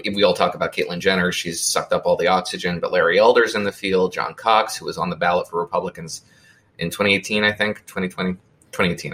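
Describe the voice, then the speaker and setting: A man's voice: sits low, fairly bright tone. A man on a political podcast panel, thinking aloud in a musing way. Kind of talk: political discussion.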